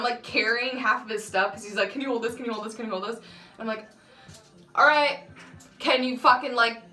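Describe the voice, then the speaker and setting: A woman's voice: mid-range voice, pushed and bright. A young woman telling a dramatic storytime on her vlog, swearing often and laughing as she goes. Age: young adult. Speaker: vlogger. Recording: roomy echo.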